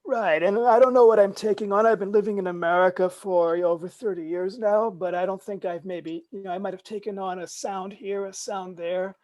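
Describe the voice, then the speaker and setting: A man's voice: high voice, steady tone, moderate pace, hardly any pauses, darkish tone. A middle-aged man from Germany with a faint German accent, an actor chatting thoughtfully on a video-call panel, hesitating often with ums. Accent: slight German.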